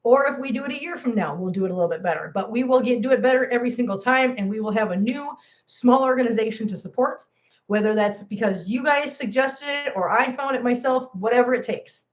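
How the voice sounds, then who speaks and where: A woman's voice: a little high, fast. A chatty American woman hosting a casual cat channel livestream, joking about herself and laughing often. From United States. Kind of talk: casual live chat to viewers.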